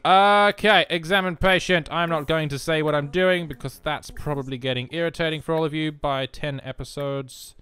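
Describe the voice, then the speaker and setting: A man's voice: a little high, fairly even intonation, brisk, few pauses, fairly bright tone, clean tone. A young man giving casual, self-mocking let's-play commentary, chatting to the game as he plays. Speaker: gaming video host.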